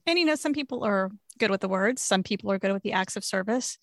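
A woman's voice: mid-range voice, animated, fast, gravelly, dry recording. A woman speaking frankly in a candid podcast conversation, laughing easily and swearing now and then. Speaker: guest sharing grief story.

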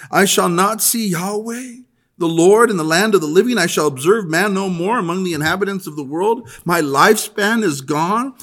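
Man, preacher, slightly high voice, casual sermon, reads scripture with rising force. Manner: conversational, reads scripture aloud with rising intensity.

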